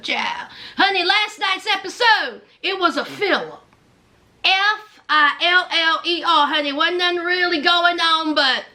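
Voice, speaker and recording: A woman's voice: very high-pitched, sharp tone. A woman recapping a reality show for her channel, chatty and sassy, calling her viewers honey and child. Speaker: recap vlogger.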